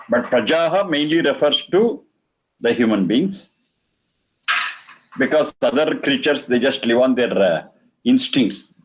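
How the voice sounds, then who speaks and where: Man teaching Vedic verses, slow and repeating. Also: medium pitch, rough recording. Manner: slow, repeats Sanskrit phrases and explains them. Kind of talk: religious lecture.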